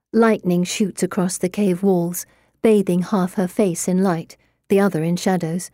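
A woman narrates an audiobook with a fairly low pitch, speaking in an even, measured manner. There's no echo, and the recording is studio quality.

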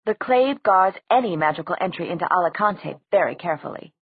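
Soft-spoken warlock read by a woman, husky, low, thin dry audio. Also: animated, no room sound. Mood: patient. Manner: soft, measured explanation. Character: flamboyant calm male warlock. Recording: dry, tinny phone-like sound.

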